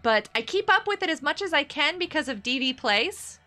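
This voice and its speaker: A woman's voice: high-pitched, big pitch swings, brisk, sharp tone. A woman streaming a game live, chatting with her viewers in a bubbly, giggly way. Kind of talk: casual live-stream chatter while gaming.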